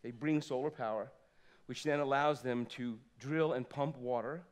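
A man in his fifties preaching a sermon in a church, swinging from loud exclamations to soft asides. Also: mid-range voice, normal speed. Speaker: pastor. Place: church sanctuary.

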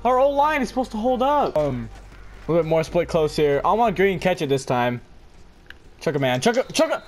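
A young man giving excited play-by-play while gaming, jumping between loud shouts and laughter and low muttering. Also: fairly quick. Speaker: gaming video host. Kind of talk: excited gameplay commentary. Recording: game music underneath.

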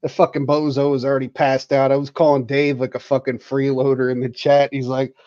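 A man's voice: mid-range voice, level tone, brisk, mellow, lo-fi sound. A man joining a livestream as a guest, chatting casually in a crude, profane way. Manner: crude, profane, laughing along.

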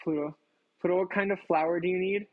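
Cooking at home on a livestream, this man chats with viewers in a high, fairly evenly pitched voice at a fairly quick clip. He curses freely and jokes at his own expense, and the audio is narrow and tinny.

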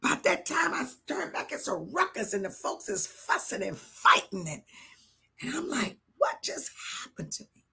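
An older woman bishop preaching a live sermon, telling a personal story with animated swings between hushed and shouted delivery. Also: on the high side, normal speed, vocal fry, slightly rough.

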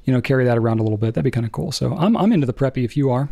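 A man co-hosting a podcast in relaxed, joking casual chat, full of fillers. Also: mid-range voice, very fast, vocal fry. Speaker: podcast co-host.

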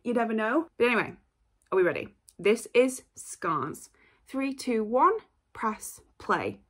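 Woman host reacting on camera, casual and effusive, prone to excited outbursts. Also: on the high side, slightly rough. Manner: gushing, apologetic, quick bursts of excitement.

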